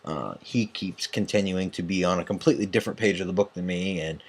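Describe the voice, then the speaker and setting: In this ranting vlog, a young online tournament host swears his way through an agitated late-night tirade, yawning from fatigue. He speaks briskly in a low voice with a breathy edge.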